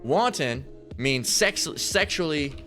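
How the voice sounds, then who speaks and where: A man's voice: on the high side, expressive, slow pace, bright, forceful tone, faint music behind. A man preaching over a Bible passage in a crude, profane rant. He stammers, restarts often and keeps asking "right?". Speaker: street preacher.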